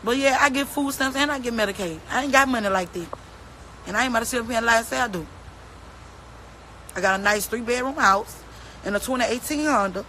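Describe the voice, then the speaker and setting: A woman's voice: fairly high pitch, fast talker, long pauses, sharp tone, slight background noise, poor audio. A woman, ranting bluntly and profanely into her phone during a livestream. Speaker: mother speaking out on social media. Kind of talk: angry livestream rant.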